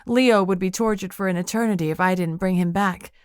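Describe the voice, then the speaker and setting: A woman reading first-person narration of an audiobook in a measured, intimate way. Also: fairly low pitch, a little mellow, clean tone, no echo, studio quality.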